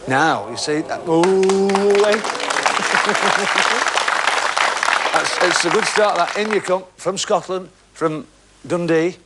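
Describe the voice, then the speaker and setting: A man's voice: high-pitched, unhurried, over a noisy crowd, very noisy. A man hosting a television game show, chatting and teasing the contestants in a jokey way. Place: television studio.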